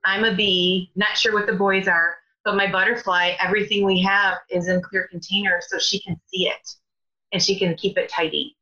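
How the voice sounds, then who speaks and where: A middle-aged woman chatting in an animated way as a caller, sharing a story of thanks. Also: medium pitch, moderate pace, lo-fi sound. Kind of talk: casual testimony.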